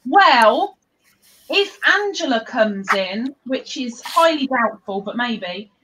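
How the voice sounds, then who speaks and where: A chatty woman hosts a casual livestream and teases her guests as she talks. Her voice sits a little on the high side. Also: slow, background noise. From England. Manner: chatty, animated, teasing. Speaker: livestream host.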